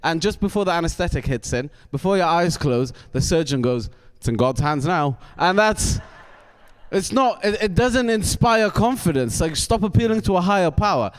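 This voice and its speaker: A young man from Wales performs stand-up on a theatre stage, grumbling and ranting with a cantankerous edge. His voice sits a little high and sounds smooth and resonant. He stumbles into quick restarts as he throws questions at the crowd. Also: expressive, big-room sound. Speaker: stand-up comedian. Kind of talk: stand-up comedy set. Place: theatre stage before a live audience.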